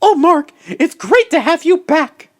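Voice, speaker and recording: A man's voice: very high voice, very animated, measured pace, full character voice. A man voicing a cheerful young woman in a storybook reading, speaking eagerly.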